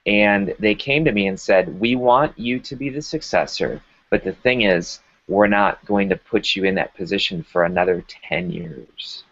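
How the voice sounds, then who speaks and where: A man's voice: on the low side, moderate pace, hardly any pauses, highs cut off. A man being interviewed, telling a personal story with energy and acting out the dialogue. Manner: energetic, emphatic storyteller who acts out dialogue. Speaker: guest.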